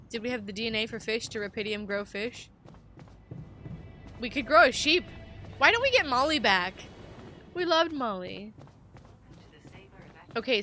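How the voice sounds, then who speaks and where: Bright, lively woman streaming a game, jokes and swears a lot, some game music behind her. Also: on the high side. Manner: animated, swears freely, jokes and reacts loudly. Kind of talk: live game commentary and reading game text aloud.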